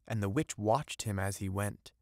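A man narrating an audiobook of a fairy tale in a measured storytelling manner. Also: fairly low pitch, darkish tone, no room sound, studio quality.

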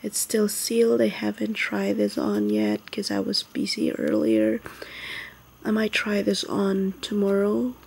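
A young woman from the Philippines in a whispered haul vlog, talking softly and excitedly at home late at night. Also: medium pitch, a little slow, gravelly, husky. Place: home at night, others asleep.

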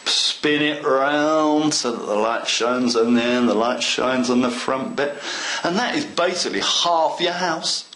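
Working through a hands-on model railway craft demo, the host talks to the viewer in a chatty, enthusiastic way. His voice is medium-pitched, a bit bright, and unhurried. The sound is roomy and the recording quality low.

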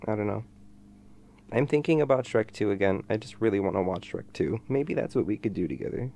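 A young man in a whispered role-play as a goofy, playful boyfriend, drifting between silly chatter and soft tender asides. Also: on the low side, a little fast, vocal fry, a little hiss or hum.

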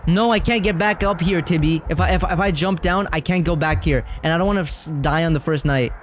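A man's voice: fairly high pitch, brisk, a little hiss or hum. A young man streaming a game and talking casually to his chat, jumpy and rambling, often repeating himself when he gets scared. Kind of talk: casual gaming commentary to chat. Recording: dry close mic, faint game music.

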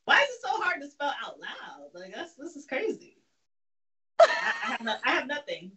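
A woman's voice: high-pitched, huge pitch swings, normal speed, a bit bright. A woman playing along as a contestant in a casual game, laughing a lot. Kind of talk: casual chat. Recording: heard from far off.

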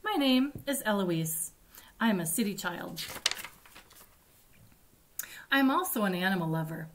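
A woman librarian leads story time and reads picture books aloud for children. She reads in a gentle, deliberate way, slowly and at a middling pitch. A faint hiss sits under her voice. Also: expressive.

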